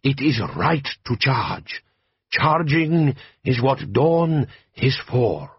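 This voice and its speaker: A slow, formal desert tribesman, as a man puts him on, every word weighed and grave. The voice is a little husky, dry and dull-toned, with no room around it. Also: medium pitch, big pitch swings, no room sound, pitched above the performer's own voice, heavily acted. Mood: solemn.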